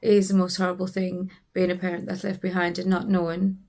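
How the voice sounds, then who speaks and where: A British woman recounts a family story in an earnest, heartfelt vlog. Her voice sits a little low and stays fairly flat in pitch, with little rise and fall. She talks in a personal storytelling way. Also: fairly quick. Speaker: family vlogger.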